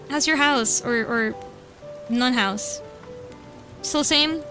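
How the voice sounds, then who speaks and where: Bubbly young woman streamer with a high voice, casual chatter, coos at her cat. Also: slow, pauses often, music in the background. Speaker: vtuber streamer. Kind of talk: casual livestream chat while drawing. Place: home room.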